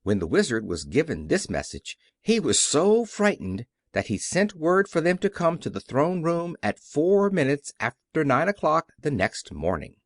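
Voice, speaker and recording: A man's voice: fairly high pitch, huge pitch swings, normal speed, hardly any pauses, no echo. Guy reading a kids classic aloud, lots of up and down in his voice, dry sound. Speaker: audiobook narrator. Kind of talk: scripted narration.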